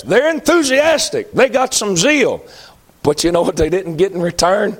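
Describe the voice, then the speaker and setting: A man's voice: high voice, very animated, moderate pace, husky. Preacher guy going up and down a lot, folksy and emphatic, says stuff twice. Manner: emphatic, folksy, repeats lines for effect. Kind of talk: sermon.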